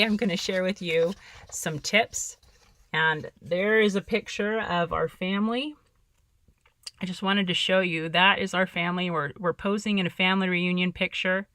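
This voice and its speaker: Soft-spoken woman reading her journal. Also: on the low side, dry recording, clean studio sound. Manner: earnest, soft-spoken, with wry laughs. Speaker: podcast host. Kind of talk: reading journal entries and sharing tips.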